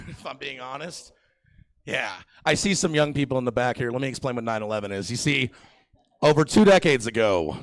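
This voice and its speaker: A young man doing stand-up on a theater stage, rambling and crude as he mocks himself and jabs at the crowd. His voice has a gravelly edge. The sound is close and dry. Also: medium pitch, no room sound. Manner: crude, rambling, self-mocking, crowd work. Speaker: stand-up comedian. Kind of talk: stand-up set.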